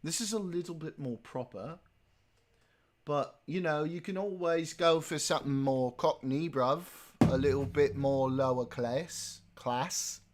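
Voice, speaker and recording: A man's voice: mid-range voice, unhurried, a little hiss or hum, close to an everyday voice. A man speaking in a put-on British accent, jokey and mock-proper.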